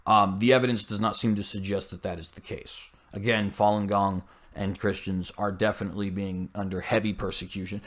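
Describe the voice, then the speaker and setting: A man's voice: on the low side, level tone, fairly quick, few pauses. Man reading news with stumbling self-corrections. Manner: reads aloud with frequent slips and self-corrections; blunt, scornful asides. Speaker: commentary show host. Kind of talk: reading news with opinion commentary.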